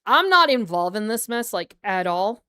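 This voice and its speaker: A woman's voice: medium pitch, very animated, moderate pace, sharp tone, clear, resonant tone. A young American woman chatting casually on a livestream as a VTuber, rambling with lots of fillers and frequent laughter. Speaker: VTuber streamer.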